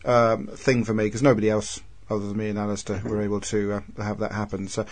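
A man's voice: on the low side, level tone, fast talker. A man hosting an interview, eager and enthusiastic and apt to get carried away. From England. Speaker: podcast host. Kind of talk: casual interview chat.

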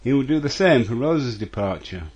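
A man's voice: mid-range voice, expressive, moderate pace, darkish tone, husky, lo-fi sound. A man reading out a listener's audio message to a podcast, going through his notes point by point. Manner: reads notes in a list-like way. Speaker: listener sending audio feedback.

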